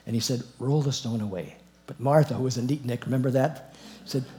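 A man's voice: mid-range voice, brisk. A middle-aged man teaching the Bible informally, reading verses aloud, commenting on them and chuckling as he goes. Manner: animated, chuckling, reads verses then comments.

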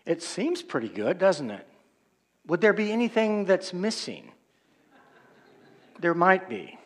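A man's voice: sits high, big pitch swings, slow pace, fairly bright tone. A male pastor preaching an expository sermon in a conversational, reflective manner.

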